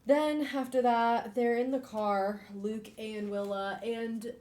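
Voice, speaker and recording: A woman's voice: a little high, steady tone, slow pace, a little mellow. A woman co-hosting a casual book club stream, chatty and laughing often as she recaps the plot. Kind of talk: casual chat. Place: home.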